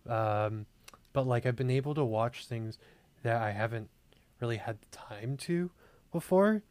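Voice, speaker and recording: A young man in a casual podcast chat, his voice still a little worn from recovery. He talks in halting stretches, full of fillers and restarts, at an even middle pitch. The sound is close and dry. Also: clear, resonant tone, dry recording. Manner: hesitant, many fillers and restarts. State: voice still recovering after a breathing tube. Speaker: podcast co-host.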